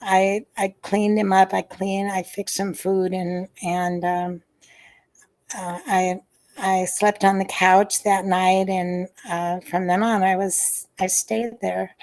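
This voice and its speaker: A woman's voice: medium pitch, little pitch movement, slow pace, few pauses. An older woman, a former nurse, recalling memories in an interview over a video call, hesitant and full of fillers and restarts. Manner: hesitant, many fillers and restarts, soft sighs.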